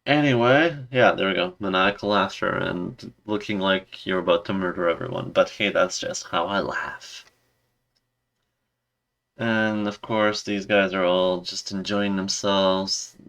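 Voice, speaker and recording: A man's voice: low voice, flat delivery, a little slow, gravelly, a bit bright. A man giving a casual, rambling review in a sarcastic, exasperated tone. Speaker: video reviewer.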